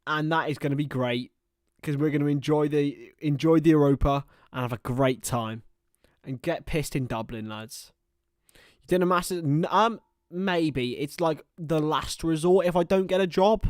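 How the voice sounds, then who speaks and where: A man's voice: on the high side, measured pace, no room sound, studio quality. Chatty young man streaming football commentary. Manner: chatty, excitable, laughs often. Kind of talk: casual live football watchalong commentary.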